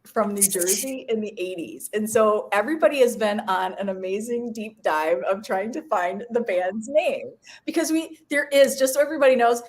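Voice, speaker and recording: A woman's voice: medium pitch, darkish tone. A woman co-hosting a live stream in casual chat, bubbly and teasing, laughing often. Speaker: co-host.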